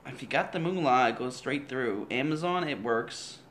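A man's voice: mid-range voice, normal speed, a bit bright. Man, casual chatter, loose and profane, slight background hiss. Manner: loose, swearing, slips into mock voices. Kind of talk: casual chat.

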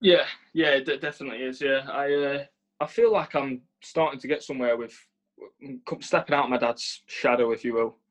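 A young man with an English accent speaks in a medium-pitched voice, answering questions in a relaxed interview. He talks earnestly, tripping over his words and restarting phrases as he goes. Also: a little fast. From England. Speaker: professional footballer, interview guest.

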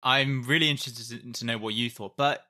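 Bright-voiced man chatting films. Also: mid-range voice, steady tone. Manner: hesitant, measured, many fillers. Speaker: podcast co-host. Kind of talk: casual film chat.

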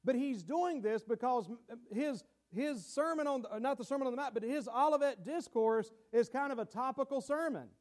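A man's voice: very high voice, moderate pace, hardly any pauses, darkish tone. A man preaching a teaching sermon in a conversational way, with many fillers and restarts and emphatic key points. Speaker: pastor.

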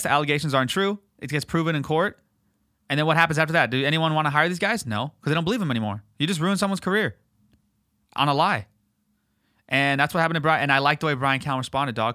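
Man ranting on a podcast, profane and fired up, bright forceful voice, a bit high, dry close mic. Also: no room sound. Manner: profane, fired-up, calls listeners dude and dog; jumps to higher, louder pitch when worked up. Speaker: podcast host. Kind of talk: heated casual rant.

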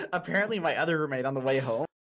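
Young North American man, casual co-host, profane and animated, prone to sudden pitch spikes. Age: 20s. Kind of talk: casual chat.

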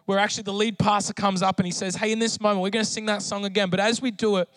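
High-voiced pastor preaching with passion. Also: male voice, flat delivery, racing, fairly bright tone, no room sound. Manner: impassioned, pleading prayer. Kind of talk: sermon with emotional testimony.

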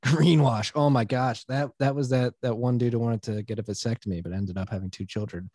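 A man co-hosting a podcast, chatting casually and explaining his views in an animated, opinionated way. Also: mid-range voice, brisk, no echo. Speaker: podcast co-host. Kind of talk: casual conversational chat.

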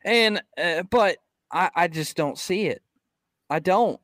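Hesitant, stammering sports podcast host. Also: male voice, sits high, slow, a bit bright, no room sound, clean studio sound. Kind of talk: casual sports chat.

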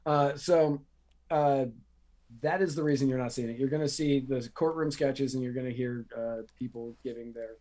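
A man's voice: medium pitch, steady tone, moderate pace, mellow. A man co-hosting a casual news chat, joking as he works through his notes. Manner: chatty, joking, reads from notes. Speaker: podcast co-host.

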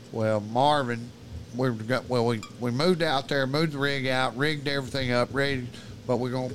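A man's voice: medium pitch, fairly bright tone, a little hiss or hum. A man telling a long, profane, rambling story as a podcast guest, often cutting himself off mid-sentence. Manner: profane, colorful, self-interrupting. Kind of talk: rambling storytelling in casual chat.

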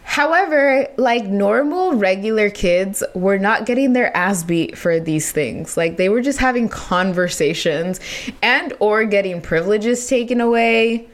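A woman hosting a podcast, telling a personal story in casual, animated, profane talk with frequent laughter. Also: mid-range voice, a little slow. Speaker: podcast host.

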